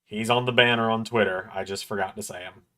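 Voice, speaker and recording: A man's voice: lowish voice, steady tone, fast talker, sharp tone. A man hosting a casual livestream watch-along, joking and swearing freely. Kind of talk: casual live commentary.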